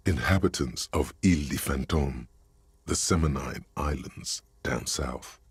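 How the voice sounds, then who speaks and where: Game narrator, brooding and ominous: very deep, gravelly, husky, dry close sound. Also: male voice, unhurried, no echo, heavily acted. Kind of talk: video game voice acting.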